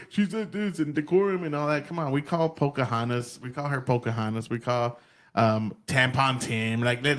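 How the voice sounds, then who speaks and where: A man from Texas hosting a podcast, talking bluntly and profanely in casual chat, laughing often. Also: mid-range voice. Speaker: podcast host.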